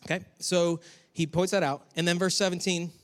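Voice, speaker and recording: A man from Western New York preaching a conversational sermon, with chatty, animated asides to the congregation. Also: high voice, moderate pace. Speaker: pastor. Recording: long hall reverb.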